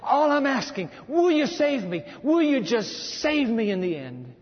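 A male preacher voicing a broken, repentant king in a pit, pleading in a choked, soft voice. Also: extremely high pitch, sing-song, a little slow, pitched above the performer's own voice, heavily acted. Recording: lo-fi sound in a long-reverb hall.

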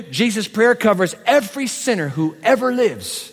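High-voiced preacher in a reverberant church. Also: male voice, big pitch swings, fairly quick, few pauses. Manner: dramatic swings between loud proclamation and hushed asides. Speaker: pastor. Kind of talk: sermon. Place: church sanctuary. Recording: long hall reverb.

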